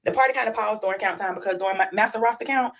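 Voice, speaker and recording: A woman, telling her story at a quick clip. She is animated and slangy and keeps calling her viewers y'all and child. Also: mid-range voice, gravelly. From Florida, USA. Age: 30s. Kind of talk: casual storytime chat.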